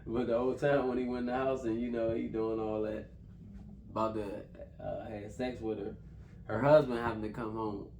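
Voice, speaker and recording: A man's voice: mid-range voice, level tone, normal speed, darkish tone. A man reviewing a film in casual chat, retelling scenes in a loose, profane, run-together way. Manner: loose, profane storytelling, slurring phrases together. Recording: roomy, distant mic with faint background noise.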